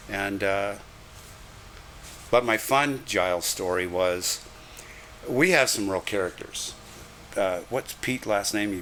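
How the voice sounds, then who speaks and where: An older man recounts his years on the railroad with lively, chuckling asides. His voice is bright and forceful, sitting a little low. The storytelling is loose and conversational. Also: moderate pace, slight background noise. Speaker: retired railroad conductor. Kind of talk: reminiscing storytelling.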